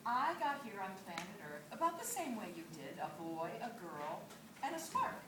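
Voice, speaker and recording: A woman performing an animated storytelling monologue on a theatre stage, often laughing as she talks. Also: medium pitch, normal speed. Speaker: actor in a solo play. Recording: echoey theatre audio from far off with loud room noise.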